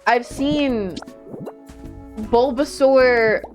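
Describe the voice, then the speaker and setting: A woman streaming a game live, chatting casually, excitable and a little shy in her asides. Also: sits high, very slow, soft background music.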